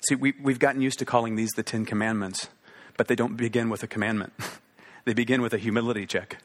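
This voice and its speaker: A man's voice: medium pitch, fairly even intonation, fast talker. Man preaching an earnest sermon. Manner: earnest preaching with repetitions and emphatic asides. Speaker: pastor.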